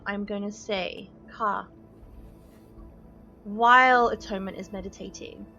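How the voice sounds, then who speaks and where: A woman's voice: medium pitch, pushed and bright. A woman narrates a tabletop adventure as dungeon master. She talks loosely, with fillers and small laughs. The recording is dull and lo-fi, with faint music behind. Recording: dull lo-fi podcast audio.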